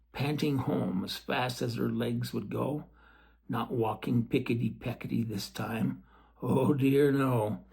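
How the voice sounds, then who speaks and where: A man reads a storybook aloud at an unhurried pace, in a gravelly, husky voice. He keeps it gentle and turns to the listener now and then with chatty asides. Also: mid-range voice.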